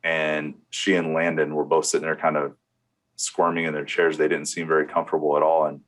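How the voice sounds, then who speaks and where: A man who was on a church security team recounts his experiences in an interview, storytelling with halting restarts. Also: extremely low pitch, level tone, a bit bright.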